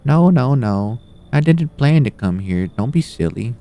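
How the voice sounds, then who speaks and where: A man's voice: medium pitch, lively intonation, unhurried, warm tone, clean tone, pitched above the performer's own voice. A man voicing an elderly, chatty grandmotherly woman who folksily calls everyone dearie, reading game dialogue on a live stream. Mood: sweetly rambling.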